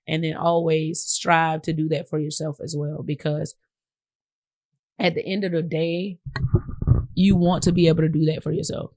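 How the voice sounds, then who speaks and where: In a fairly low, darkish voice recorded in the studio with no echo, a Southern-accented woman hosts a podcast. Her monologue is casual, and she speaks directly to listeners as "y'all."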